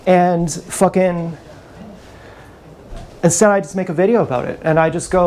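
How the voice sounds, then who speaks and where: A man's voice: high-pitched, steady tone, normal speed, pauses often, darkish tone, slight background noise. A man ranting bitterly and with contempt on a live stream, often repeating himself, filmed on an action camera. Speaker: vlogger.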